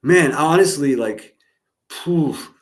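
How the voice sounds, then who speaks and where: A man's voice: fairly high pitch, takes it slowly. A man commenting live on a clip for his stream, talking with his chat in a heated, sarcastic, profane way.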